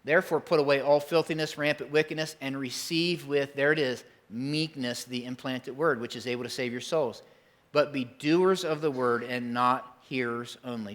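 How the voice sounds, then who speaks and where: A middle-aged man preaches as pastor in a church, conversational and emphatic, quickly acting out different voices. His medium-pitched voice has a slight brightness.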